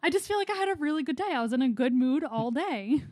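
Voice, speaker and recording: A woman's voice: sits high, lively intonation, fast, darkish tone, dry recording, studio quality. A woman co-hosting a casual gaming podcast, rambling and giggling through everyday stories. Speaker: podcast co-host. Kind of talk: casual chat.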